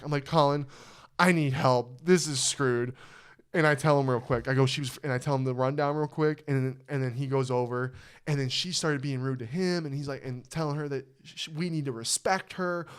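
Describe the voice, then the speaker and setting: Smooth-voiced man telling rambling stories. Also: on the high side. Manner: profane, rambling storyteller. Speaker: podcast host. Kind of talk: casual storytelling chat.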